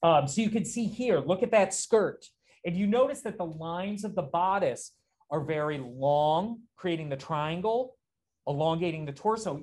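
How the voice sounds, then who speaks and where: A man's voice: fairly high pitch, a little mellow. Enthusiastic man lecturing through slides. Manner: enthusiastic, keeps prompting listeners with "notice" and "right?"; answers student questions conversationally. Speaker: lecturer on fashion history. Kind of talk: live class lecture walking through slides.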